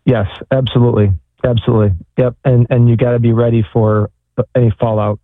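A man calls in over a tinny, dry phone line. His voice is low and flat, and he gropes for words in halting, hesitant phrases. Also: no room sound. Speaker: caller.

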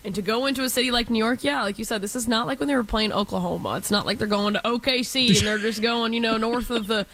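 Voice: mid-range voice, fast talker, few pauses, fairly bright tone. A person in their twenties from Texas, co-hosting a casual sports talk show and chatting with lots of fillers.

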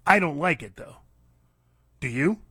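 A man hosting a call-in talk radio show, delivering a fiery, preachy opinion monologue that rises to near-shouts. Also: on the high side, expressive, a little slow, slightly rough, no echo, clean studio sound.

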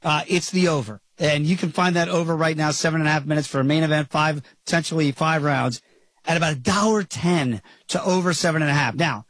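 A man hosting a fight betting podcast, chatting in a lively, jokey way. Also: fairly high pitch, brisk, no room sound. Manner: lively, jokey, does impressions. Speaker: podcast host. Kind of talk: casual podcast chat.

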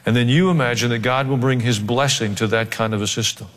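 A man's voice: medium pitch, steady tone, fast, fairly bright tone. A male pastor preaching a sermon, swinging between joking asides and emphatic exhortation. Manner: humorous asides, emphatic rising delivery. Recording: long hall reverb.

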